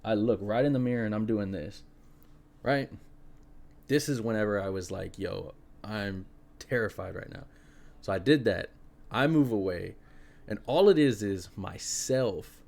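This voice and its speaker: A young man hosting a podcast, telling a spooky personal story in an animated, casual way, full of fillers. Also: lowish voice, moderate pace, long pauses. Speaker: podcast host.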